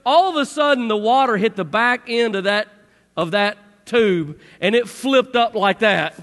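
A middle-aged man telling a personal story to an audience in a lively way, acting out shouts and sound effects. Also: sits high, unhurried, in a large hall.

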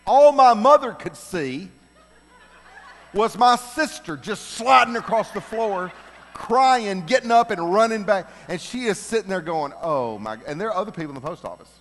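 A middle-aged man telling humorous family stories to a congregation, animated and building to loud, laughing punchlines. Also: high voice, normal speed. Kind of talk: humorous personal storytelling. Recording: long reverb of a large hall.

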